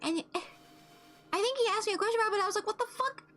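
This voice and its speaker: Young woman streamer w a super high voice, blunt and swears a lot, chatting while she plays, little game music underneath. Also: very fast, fairly bright tone. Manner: blunt, profane storytelling. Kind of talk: casual chat while playing a game.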